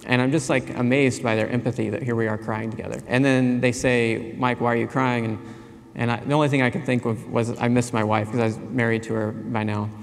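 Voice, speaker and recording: A man in his forties speaks to a conference audience at an ordinary middle pitch, unfolding a personal story with earnest, self-deprecating pauses. His voice carries a long, ringing reverb from the large hall around him. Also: level tone. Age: 40s. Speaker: keynote speaker.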